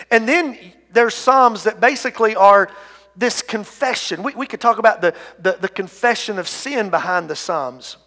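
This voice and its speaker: A male pastor preaching a sermon, earnest, swinging between hushed and loud delivery and often repeating words. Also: sits high. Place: church sanctuary. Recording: long reverb of a large hall.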